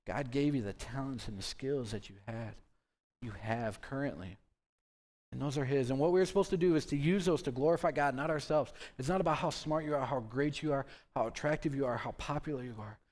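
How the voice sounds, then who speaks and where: A man's voice: medium pitch, brisk, a little mellow. Man preaching in rhetorical questions. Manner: conversational, many rhetorical questions. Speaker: youth pastor. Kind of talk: youth group sermon.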